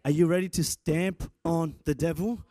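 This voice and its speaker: Lively storytelling male preacher. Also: fairly high pitch, normal speed, no echo. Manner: lively, self-mocking storyteller. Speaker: pastor. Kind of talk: sermon with personal storytelling.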